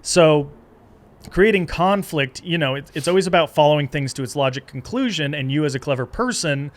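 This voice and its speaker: This is a middle-aged man in casual conversation, his voice sitting a little higher than most men's. He tells stories with energy and keeps breaking into short impressions of the people in them. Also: brisk. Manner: animated storytelling, jumps into high-pitched character voices. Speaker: guest, comedic actor. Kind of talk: casual chat.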